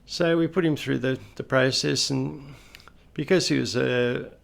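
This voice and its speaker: A man's voice: mid-range voice, fairly even intonation, unhurried, vocal fry. A middle-aged Australian man telling anecdotes in a casual, conversational way with folksy asides. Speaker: retired police officer storyteller.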